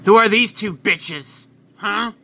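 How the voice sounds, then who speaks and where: A man's voice: high voice, slow, gravelly, sharp tone, a little hiss or hum, pitched above the performer's own voice, exaggerated voice. A man voicing an arrogant, cruel possessed alien warrior who taunts everyone around him. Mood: taunting. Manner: taunting, cold, boastful.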